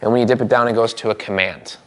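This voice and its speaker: A man's voice: medium pitch, fast. Man teaching a live seminar. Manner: animated, demonstrates tones and voices, many restarts. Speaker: NLP seminar trainer. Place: seminar room with a live audience.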